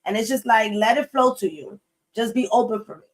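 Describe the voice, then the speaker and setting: A woman's voice: a little high, a little fast, rough recording. A woman doing a casual tarot reading for her viewers in a loose, chatty way. She talks bluntly, cusses freely and hammers her points home by repeating them. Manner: blunt, swears freely, emphatic repetition. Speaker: tarot reader.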